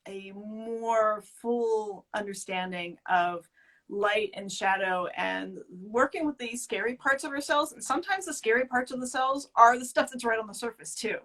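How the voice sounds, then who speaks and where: A woman's voice: a little high, brisk, few pauses. Chatty woman guest, laughing often. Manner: animated, laughs often, many restarts. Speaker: author and guest. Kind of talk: casual interview chat.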